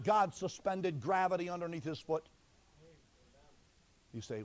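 A man's voice: high voice, expressive, measured pace, rough recording. A male preacher delivering an impassioned, emphatic sermon.

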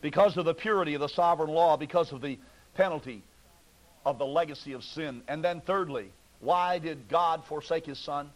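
A man's voice: a little high, normal speed, rough recording. A man preaching a fervent sermon from the pulpit, pleading with his listeners through repeated rhetorical questions.

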